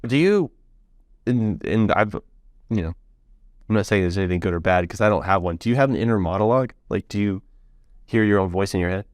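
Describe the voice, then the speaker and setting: A man hosting a podcast in casual interview chat, chatty and quick to laugh, with rambling asides. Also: on the low side, no echo. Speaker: podcast host.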